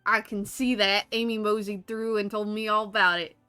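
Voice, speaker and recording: A woman's voice: mid-range voice, flat delivery, normal speed, sharp tone, clean tone, close to an everyday voice. Woman voicing a curt, grumpy male echidna loner in a put-on cowboy drawl over faint music. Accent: put-on Southern drawl. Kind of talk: reading game dialogue aloud.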